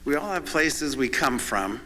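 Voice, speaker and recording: A man's voice: mid-range voice, lively intonation, measured pace, pushed and bright. An older man from the Yakima Valley giving a thoughtful, musing eulogy for his mother in a church. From Yakima Valley, Washington. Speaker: son of the deceased, eulogist. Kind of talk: reflective eulogy. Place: church sanctuary. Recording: church reverb with faint ambient noise.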